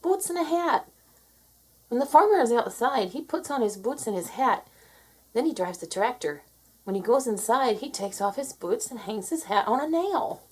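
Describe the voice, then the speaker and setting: A woman's voice: on the high side, lively intonation, normal speed, slightly rough, pitched above the performer's own voice. Woman doing Moo, an eager scheming cow. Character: scheming female cow, bold dreamer. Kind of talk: children's storybook read-aloud.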